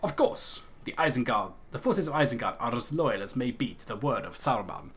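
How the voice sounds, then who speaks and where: A man doing a smooth-talking wizard's emissary. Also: medium pitch, animated, brisk, a bit bright, lightly acted. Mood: persuasive. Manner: formal, persuasive, put-on accent. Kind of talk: reading game dialogue aloud in character.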